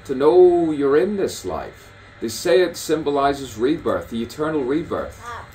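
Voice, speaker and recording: A man's voice: mid-range voice, very animated, a little slow, mellow, faint music behind. A man talking outdoors in a rambling stream-of-consciousness monologue, musing aloud and repeating his own phrases over and over. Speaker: poet and artist. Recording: distant mic with faint outdoor ambience.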